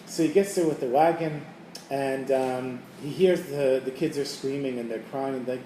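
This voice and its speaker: Speaking at medium pitch and normal speed, a man teaching a holiday preparation class tells stories to a group casually and animatedly, performing the quoted voices. The mic sits at a distance in an echoey room, with faint background noise.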